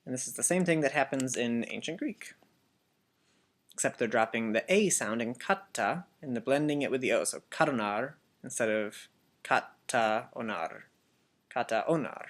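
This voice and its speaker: A teacher giving a Biblical Greek lesson as a voice-over, speaking deliberately and repeating each word so learners can copy it. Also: medium pitch, expressive. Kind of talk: slow instructional voice-over.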